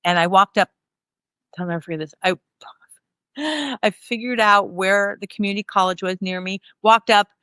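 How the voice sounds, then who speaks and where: A woman in her fifties talks as an interview guest, her voice bright and clear. She rambles through candid stories and acts out the dialogue with lively energy. The recording is close and dry. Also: medium pitch, moderate pace, dry recording. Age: 50s. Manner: rambling, animated, acts out quoted dialogue with laughs.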